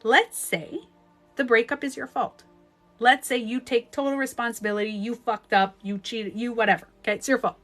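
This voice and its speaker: A woman's voice: fairly high pitch, steady tone, moderate pace, fairly bright tone, soft background music. A woman relationship coach on a live stream, giving advice emphatically and acting out hurt voices with some swearing.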